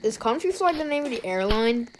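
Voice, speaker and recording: Excitable Irish woman narrating gameplay. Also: fairly high pitch, a little fast, slight background noise, poor audio. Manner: talks to herself, jumpy excited reactions. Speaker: YouTuber playing a game. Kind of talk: let's-play gameplay commentary.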